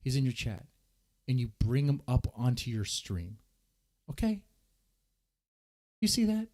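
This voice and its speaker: A man hosting a drama commentary, ranting over clips in an animated, profane, exasperated way. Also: mid-range voice, measured pace.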